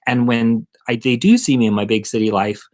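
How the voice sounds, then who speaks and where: A man's voice: mid-range voice, brisk. Chatty middle-aged man telling a story. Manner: animated, chatty, self-mocking. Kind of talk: casual storytelling monologue. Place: at home.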